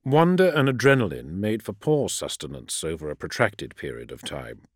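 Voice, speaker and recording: A man narrating a science fiction audiobook in a dramatic, expressive way. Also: sits low, normal speed, husky, dry recording, clean studio sound. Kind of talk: scripted narration.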